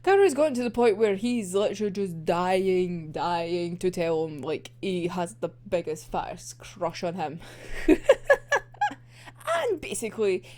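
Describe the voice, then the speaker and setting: A woman's voice: on the low side, unhurried, mellow. A young woman casually recapping a manga plot, giggling often and swearing freely as she tells it. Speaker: manga reviewer.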